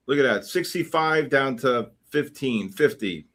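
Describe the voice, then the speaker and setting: A man hosting a live trading stream, calling price levels and teasing viewers in chat with excitable, repetitive banter. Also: medium pitch, unhurried, hardly any pauses. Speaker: livestream trading host.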